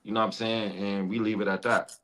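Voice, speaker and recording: Bright-voiced earnest male comedian. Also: on the low side, flat delivery, fast. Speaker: comedian guest. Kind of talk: casual chat.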